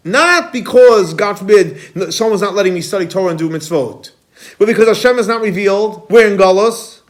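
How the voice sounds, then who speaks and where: A man teaching a Kabbalah class as a rabbi, animated, quizzing students and repeating key points. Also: sits high, a little fast. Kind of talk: classroom lecture.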